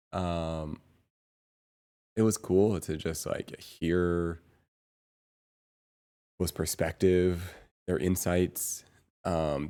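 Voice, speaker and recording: A man livestreaming and chatting casually to his viewers, rambling and often pausing to search for words. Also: low voice, a little mellow. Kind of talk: casual chat to stream viewers.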